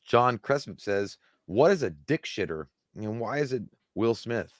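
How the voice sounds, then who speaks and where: Low-voiced man rambling through live chat. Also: animated, unhurried, no echo. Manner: loose, profane, rambling answers to chat. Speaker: live show co-host reading chat. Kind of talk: casual live-stream chat.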